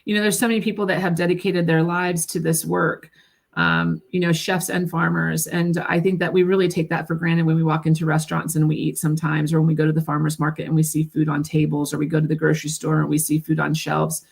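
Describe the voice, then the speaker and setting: Low, gravelly woman telling stories. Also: little pitch movement, fast talker. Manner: earnest storyteller, many fillers and restarts. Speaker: guest, food nonprofit executive director. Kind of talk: casual interview chat. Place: at home by her garden.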